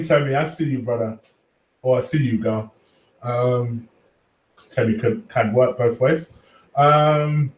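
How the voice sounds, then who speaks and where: A man's voice: fairly high pitch, far from the mic. Man, casual live stream host, swearing, chatty, echoey room, a bit off-mic. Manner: swearing, chatty, shouting out viewers. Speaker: fan channel host reading live chat.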